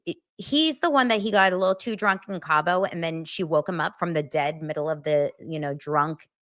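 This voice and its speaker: A woman hosting a pop culture show who recaps reality TV in a blunt, profane, animated style. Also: deep voice, fairly quick. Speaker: pop culture podcast host. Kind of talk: casual gossip recap.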